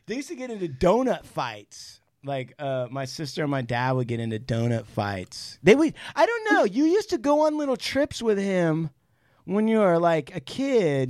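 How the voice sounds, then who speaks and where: A man hosts a podcast and tells family stories, swearing freely and throwing his voice up high for his relatives' lines. His voice swoops all over, and the sound is dry and close. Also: dry recording. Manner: animated, profane, acts out relatives in shrill voices. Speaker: podcast host. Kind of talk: casual storytelling chat.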